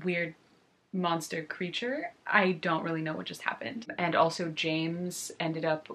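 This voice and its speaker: A young woman chats casually on her vlog, recapping a book. Her voice is bright and sharp-edged, and her delivery is gushing and emotional, breaking easily into laughter. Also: fairly low pitch, steady tone, measured pace. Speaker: book vlogger.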